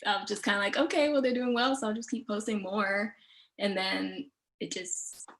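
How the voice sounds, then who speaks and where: A woman's voice: medium pitch, normal speed, poor audio. Easygoing young woman from Houston. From Houston, Texas. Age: young adult. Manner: laughs easily, relaxed. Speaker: guest. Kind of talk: casual interview answers.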